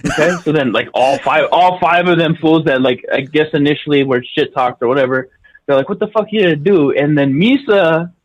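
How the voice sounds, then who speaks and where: A man's voice: fairly high pitch, normal speed, muffled recording. A man on a podcast, casually telling a story in slang, laughing often and acting out what people said. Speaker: podcast guest.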